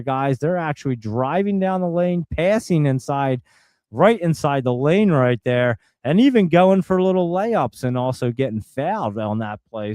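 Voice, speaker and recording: A man hosting a stream, giving casual live play-by-play commentary in a chatty, excitable way and talking straight to his viewers. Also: mid-range voice, no echo. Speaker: stream host.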